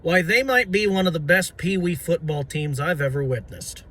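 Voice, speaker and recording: A man with a fairly high voice rants to camera about his team. He is hoarse and his voice is nearly gone. He is brash and profane, and he spins his boasts as a story. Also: moderate pace, a bit bright. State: hoarse, voice going out. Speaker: football fan vlogger. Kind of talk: profane fan rant to camera.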